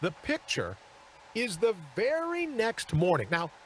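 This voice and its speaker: A man hosting a live talk show, telling a story in an animated way and acting out the people in it. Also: high voice, measured pace, a little hiss or hum. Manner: animated, acts out the people in his stories. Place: studio.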